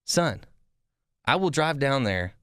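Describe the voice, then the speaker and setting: Young man, podcast host, casual storytelling, rambling, animated, swears a lot, mid pitch, dry close sound. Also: takes it slowly, clear, resonant tone, dry recording.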